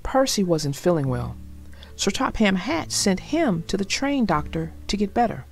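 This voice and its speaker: A woman reading a children's story aloud with an expressive, gentle storybook delivery. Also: mid-range voice, moderate pace, slightly rough, soft background music.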